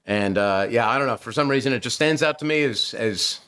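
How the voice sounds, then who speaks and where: A man's voice: medium pitch, fairly quick, bright, forceful tone, clear, resonant tone. A man co-hosting a podcast, musing in a rambling, thoughtful way in casual chat. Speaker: podcast co-host.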